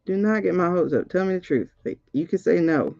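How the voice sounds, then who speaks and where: A woman hosting a casual spiritual reading, excitable and talking straight to her viewers. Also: on the low side, a little fast, creaky, dry recording, dull audio. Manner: excitable, keeps repeating "hold on". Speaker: spiritual reader and host. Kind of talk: casual livestream card reading.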